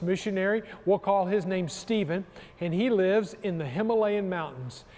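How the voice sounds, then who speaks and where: A man's voice: high voice, darkish tone, long reverb tail. A man preaching a sermon as pastor, using emphatic repetition. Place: church sanctuary.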